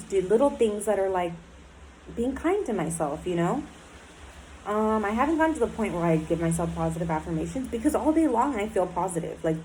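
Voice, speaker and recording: Blunt, warm-voiced woman speaking openly. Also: medium pitch, a little hiss or hum, low-quality recording. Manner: blunt and emotional, swears often, many fillers. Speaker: person in a recovery program. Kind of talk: candid personal diary talk.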